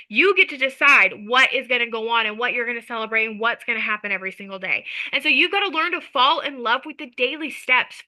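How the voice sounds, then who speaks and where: High, bright-voiced energetic woman coach. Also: poor audio. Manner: energetic, emphatic, chatty with repeated "okay?". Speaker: social media coach. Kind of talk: motivational talk to followers.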